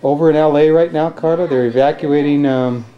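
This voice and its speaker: A man's voice: fairly high pitch, steady tone, a little fast, clear, resonant tone, dull audio. A father filming a home video at home on a handheld camcorder, talking earnestly and calling to his toddler in a coaxing sing-song. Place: family home, indoors.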